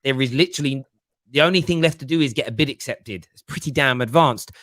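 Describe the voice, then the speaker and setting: An animated man hosts a casual football discussion, circling back on his points and restarting sentences as he goes. His voice sits at an ordinary pitch and comes across dry and close. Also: fast, no room sound. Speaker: podcast host.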